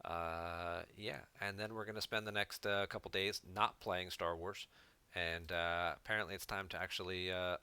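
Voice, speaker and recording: A man's voice: low-pitched, bright, forceful tone, clean tone, dry recording. A man chatting casually to his viewers while playing an online card game, talking to people in the chat. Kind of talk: casual gameplay commentary.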